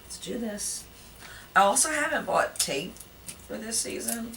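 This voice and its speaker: Woman vlogger, unhurried self-mocking chatter, animated pitch. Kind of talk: casual chat while wrapping gifts. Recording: distant mic with background noise.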